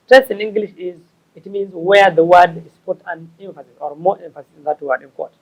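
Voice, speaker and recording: High-voiced man teaching English. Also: muffled recording. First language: Somali. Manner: slow, repetitive, stops to correct himself. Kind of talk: explaining tips to learners.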